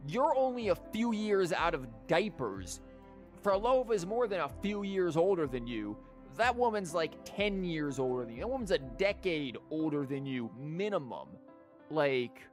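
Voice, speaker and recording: A young man giving live game commentary in a sarcastic, rambling, profane way. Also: high-pitched. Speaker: game streamer.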